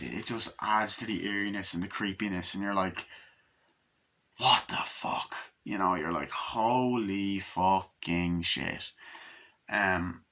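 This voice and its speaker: Excitable, bright-voiced man rambling a review. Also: lowish voice. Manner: rambling, excitable, heavy swearing. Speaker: movie reviewer. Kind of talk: casual spoken movie review.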